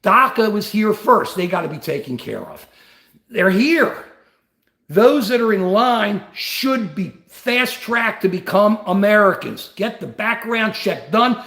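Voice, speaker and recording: An older man talks straight to his live-stream viewers, his voice riding high and swinging widely as he gets worked up. A gravelly edge runs under his words, and the room around him rings with echo. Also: animated, unhurried, pushed and bright. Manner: impassioned, reads and answers viewer comments. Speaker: livestream host. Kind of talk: live-stream political talk.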